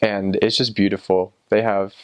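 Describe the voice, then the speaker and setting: A young man talks in an easygoing, meandering way, with a lot of ums and false starts. His voice sits a little low, and the recording is dry and close, with no room sound. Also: normal speed, smooth, no room sound. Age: young adult. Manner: relaxed and rambling, many ums and restarts, chuckles often. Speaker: returned missionary. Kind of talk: casual personal recollection.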